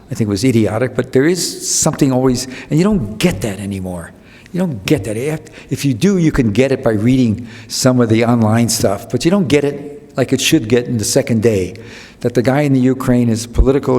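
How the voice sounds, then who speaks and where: A man's voice: mid-range voice, a little mellow. An older man giving a rambling public talk at an evening event, digressive and incredulous, with many restarts. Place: lecture hall. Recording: long hall reverb.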